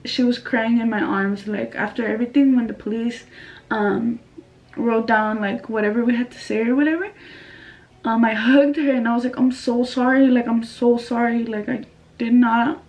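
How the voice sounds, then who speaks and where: A woman's voice: on the high side, steady tone, moderate pace, recorded from a distance, low-quality recording. A young woman from California telling a casual storytime, slangy and chatty, dropping Spanish phrases into her talk. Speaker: vlogger.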